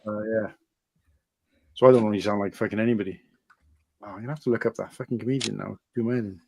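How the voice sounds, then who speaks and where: A man's voice: on the low side, steady tone, quick pace, vocal fry, a little mellow, slight background noise. A Welsh man with a mixed accent from around Barry, co-hosting a casual chat in sweary, rambling banter. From Wales.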